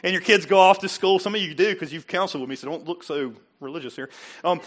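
In a sing-song, slightly bright voice that sits high, a middle-aged pastor speaks fast through a laid-back sermon. He jokes with the congregation, keeps things chatty, and dramatizes the voices he quotes.

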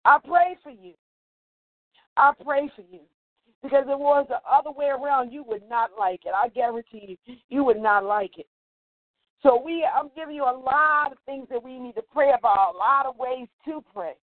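An older woman preaches in a high voice, repeating her calls to prayer with fervor. Her voice comes through a thin, phone-like line. The sound is dry and close, with no room around it. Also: normal speed, no room sound. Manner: repetitive, fervent preaching with chanted calls. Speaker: minister. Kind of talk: sermon.

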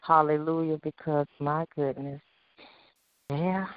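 A woman's voice: low-pitched, steady tone, takes it slowly, crowd noise. Fervent woman testifying over a dull phone line. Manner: fervent, breaks into praise and soft laughter. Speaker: caller sharing a testimony. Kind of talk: prayer call testimony. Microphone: phone call.

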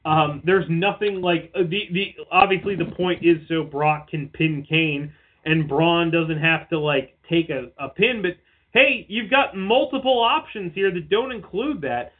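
Male podcast co-host, high voice, profane and rambling, tinny phone-like sound. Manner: profane, rambling, mocking asides. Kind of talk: casual chat.

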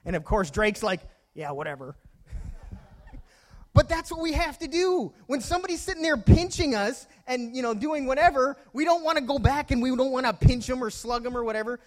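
A pastor delivering a sermon from the pulpit. He is a man with a very high voice, and he works homely stories and direct questions to his listeners into his preaching. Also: expressive, normal speed.

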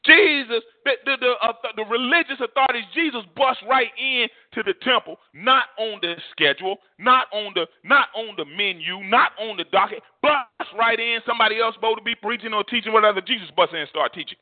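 A man's voice: very high-pitched, a little fast, few pauses, no room sound. A male preacher delivering a fervent sermon, repeating phrases for emphasis. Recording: tinny phone-like dry sound.

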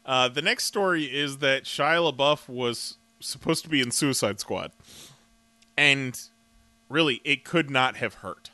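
Male podcast co-host: bright, dry and close, animated and profane. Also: medium pitch, a little slow, dry recording. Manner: animated, laughing, swearing freely. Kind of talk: casual chat.

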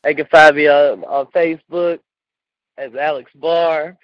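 A man from Kentucky calling in to recite sensual spoken-word poetry in a slow delivery. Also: on the high side, fairly even intonation, no room sound. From Louisville, Kentucky. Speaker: caller, poet. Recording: dull, lo-fi call-in line.

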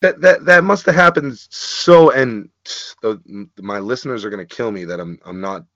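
A man's voice: medium pitch, moderate pace, a bit bright, no echo. A man hosting a podcast, reacting casually and stammering a little as he forms his questions. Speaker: podcast host. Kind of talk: casual interview. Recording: dull lo-fi dry sound.

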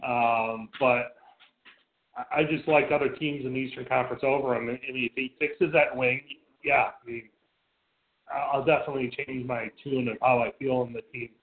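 A man's voice: mid-range voice, steady tone, moderate pace. Blunt, cursing man on a tinny line. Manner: blunt, profane, stammering restarts. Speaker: radio show co-host. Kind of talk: casual sports talk. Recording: phone-like lo-fi sound.

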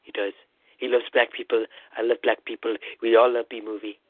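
A man doing a comic impression of a rambling, boastful male president, calling in over a phone line with a husky voice. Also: medium pitch, flat delivery, a little fast, dry recording, lightly acted. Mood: blustering. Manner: rambling, repetitive "listen", boastful bluster. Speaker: comedy caller. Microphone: phone call-in. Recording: tinny phone line, dry.

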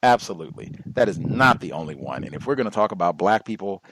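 A man hosting a talk radio show, speaking in a deliberate, emphatic and instructive way. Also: sits low, big pitch swings, a bit bright, dry recording.

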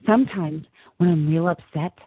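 A woman's voice: fairly low pitch, normal speed, breathy edge, no echo, pitched below the performer's own voice. A woman reading lines as a wild, giddy woman inmate with odd sayings, in an earnest, offbeat way. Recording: tinny phone-like line, dry.

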